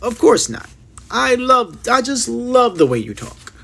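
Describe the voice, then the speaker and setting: A man's voice: very high-pitched, big pitch swings, a little slow, gravelly, a bit bright, a little hiss or hum, voice pushed up, exaggerated voice. A man voicing a polite, curious little girl in a storybook reading. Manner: polite, questioning.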